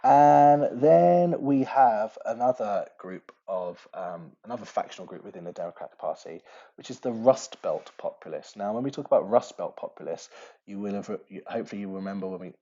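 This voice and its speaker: A man teaches a recorded lesson in a low, mellow voice. He talks casually and fills pauses with ums and uhs. The recording sounds dull and lo-fi. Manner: conversational, many fillers.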